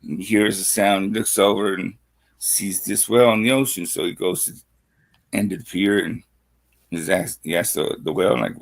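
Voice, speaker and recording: Man, lowish voice, raspy fry, just woke up, halting casual storytelling, fillers. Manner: halting, full of fillers and crude slang. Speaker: livestream guest.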